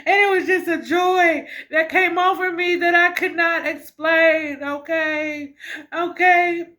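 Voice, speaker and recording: A woman's voice: very high-pitched, steady tone, takes it slowly, bright, forceful tone. A woman hosting her spiritual vlog, emotional and grateful, tagging nearly every sentence with "okay" and breaking into laughter. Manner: emotional, repeats "okay" often; laughs and gushes with gratitude. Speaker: spiritual channel host.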